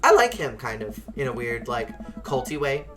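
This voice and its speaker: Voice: medium pitch, sing-song, moderate pace, fairly bright tone, soft background music. A streamer giving playful, joking commentary while playing a video game and reading all the parts aloud.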